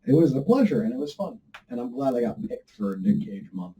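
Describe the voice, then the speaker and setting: A man guesting on a movie podcast, teasing and animated, plugging his channel. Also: medium pitch, a little fast. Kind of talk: casual podcast banter. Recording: off-mic, a little distant.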